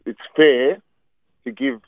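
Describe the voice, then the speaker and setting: A man's voice: a little high, very animated, slow, gravelly, dry recording. An Australian man talking football as a radio pundit over the phone, chatty and repeating words for emphasis. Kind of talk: phone-in radio sports chat. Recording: tinny phone line.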